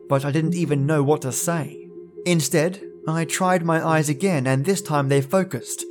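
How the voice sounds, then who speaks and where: Podcast storyteller: man with a slightly high voice, steady and deliberate, soft music underneath. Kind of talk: storytelling narration.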